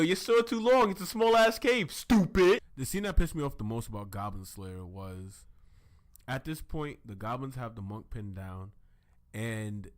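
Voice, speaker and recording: A man co-hosting a podcast, casually recapping an anime episode and acting out scenes with silly voices. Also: fairly low pitch. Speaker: podcast co-host.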